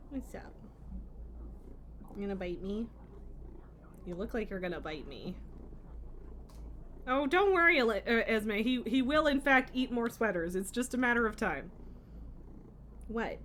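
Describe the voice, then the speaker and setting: A woman's voice: a little high, big pitch swings, slow, pauses often, a bit bright, slight background noise. A woman streaming live, chatting casually and cooing in baby talk at her pet between laughs.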